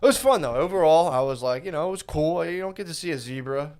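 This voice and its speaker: A man's voice: on the high side, animated, fast talker, darkish tone, clean tone. Rambling man on a casual podcast. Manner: rambling, profane, trailing off, laughing. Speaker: podcast co-host. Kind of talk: casual chat.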